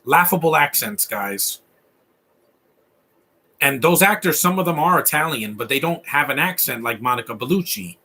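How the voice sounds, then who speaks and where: Latino guy rambling thru a film commentary stream, bright kinda husky voice, lots of restarts. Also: a little high, moderate pace. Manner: rambling, frequent restarts, animated about accents. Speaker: live stream host.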